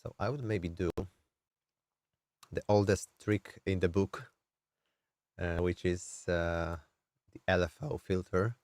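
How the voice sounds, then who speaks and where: Low nasal man explaining music software. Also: takes it slowly, long pauses, no room sound. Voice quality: nasal, throat-squeezed. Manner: relaxed, thinking aloud with fillers. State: strained voice. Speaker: music producer streaming a session. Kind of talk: casual live-stream tutorial.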